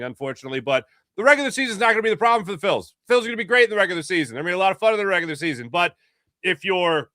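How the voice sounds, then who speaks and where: Emphatic male sports pundit, bright dry voice. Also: fairly high pitch, no room sound. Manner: emphatic, opinionated, speeds up when making a point. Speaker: sports talk co-host. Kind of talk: casual sports talk and opinion.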